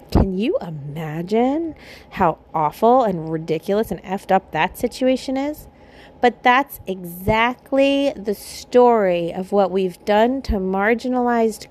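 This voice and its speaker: Woman, spiritual podcast host, mid-range voice, fired-up monologue with pointed rhetorical questions, blunt and a bit profane. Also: medium pitch.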